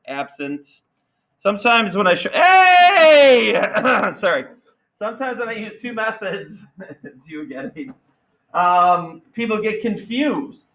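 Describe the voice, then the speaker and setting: Energetic man teaching a math class. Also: fairly high pitch, poor audio. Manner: energetic, questioning students, playful asides. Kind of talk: classroom lesson.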